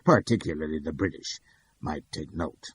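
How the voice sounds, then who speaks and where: A man voicing a formal, measured male defense counsel objecting in court, with a husky voice. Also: rumbling low, animated, slight background noise. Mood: formal protest.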